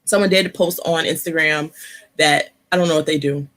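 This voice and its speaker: A woman hosting a casual live-stream chat, talking softly because of an ear infection, laughing and chatty, sitting close to her computer mic. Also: low voice, fairly even intonation, moderate pace. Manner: chatty, laughing asides, many fillers. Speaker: host.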